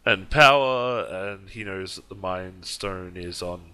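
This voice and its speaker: Bright-voiced man recapping a movie. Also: sits low, takes it slowly, smooth, no room sound. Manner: recaps plot at length with frequent restarts and laughs. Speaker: podcast co-host. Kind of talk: casual movie recap chat.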